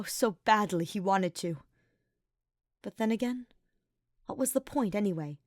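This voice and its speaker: A woman narrating a fan fiction story in a steady, reflective reading voice. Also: medium pitch, no echo, clean studio sound. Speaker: podfic reader.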